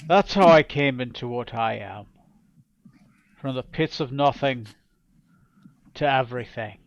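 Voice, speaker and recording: A man voicing a ruthless, self-made male pirate king who speaks slowly and with menace. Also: mid-range voice, highs cut off, slight background noise, natural voice. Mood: menacing.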